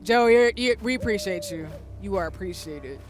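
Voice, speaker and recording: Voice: mid-range voice, normal speed. A streamer from the Southern United States who chats casually with their viewers while playing a game. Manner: chatty, animated, addresses chat. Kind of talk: casual gameplay commentary.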